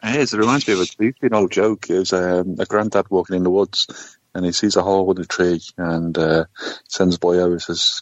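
A man's voice: low voice, fairly even intonation, fairly quick, no room sound, dull audio. A man, co-hosting a comedy podcast, telling a bawdy joke with chuckles. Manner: tells bawdy jokes, chuckling. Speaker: podcast co-host. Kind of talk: casual comedy podcast chat.

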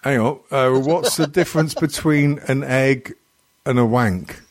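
A man's voice: mid-range voice, measured pace, a little hiss or hum. A man hosting a crude comedy podcast, rambling, teasing his guests and swearing a lot. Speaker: podcast host.

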